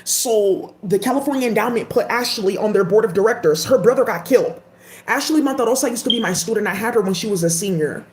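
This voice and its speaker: A woman's voice: mid-range voice, fast talker. A woman vlogger giving a casual, emphatic rant full of profanity. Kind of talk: casual ranting commentary. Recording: echoey room.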